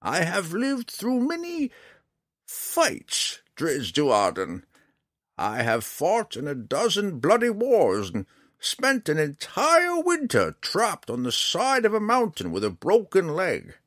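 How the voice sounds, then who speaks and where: A man doing a booming old forest ranger. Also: wildly swooping pitch, fairly bright tone, dry recording, clean studio sound, full character voice. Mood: boastful. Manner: slow, booming, theatrical delivery. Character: old male forest ranger, wry, charming, proud.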